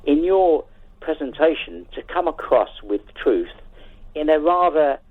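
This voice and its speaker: An earnest man calls in to a radio show and stumbles over his words as he talks. His voice is a little husky, and it comes through a tinny telephone line. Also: a little high, very animated. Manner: earnest, halting, repeats himself. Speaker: caller. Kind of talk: phone-in call.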